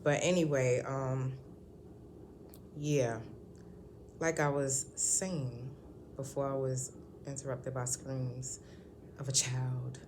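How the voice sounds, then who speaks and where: Very deep-voiced woman vlogging casually. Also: fairly even intonation, takes it slowly, pauses often, noisy background. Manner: rambling, candid, many ums and restarts. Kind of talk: casual vlog monologue. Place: at home indoors.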